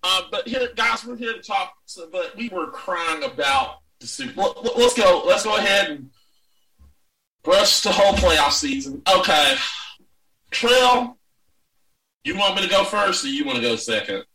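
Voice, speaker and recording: A man's voice: high-pitched, a little slow, distant mic, poor audio. A man co-hosting a casual sports chat, ranting and swearing with lots of energy. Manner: profane, ranting, animated. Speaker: podcast co-host.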